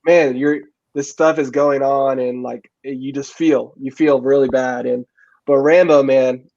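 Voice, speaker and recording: A man's voice: medium pitch, fairly even intonation, a little slow, gravelly, darkish tone, dry recording. A man co-hosting a movie review podcast, talking earnestly and reflectively in casual chat. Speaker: podcast co-host. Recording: dull lo-fi sound.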